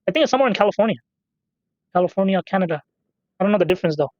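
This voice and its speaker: A man's voice: high voice, expressive, rapid-fire, no room sound, muffled recording. A man casually rambling through profane, off-topic stories while commenting on a game he is playing. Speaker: gaming channel host.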